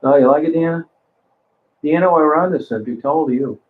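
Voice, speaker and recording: A man's voice: on the high side, quick pace, a little hiss or hum. Man, livestream host, blunt and crude, rambling; tinny phone-like audio. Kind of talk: casual live chat reading comments.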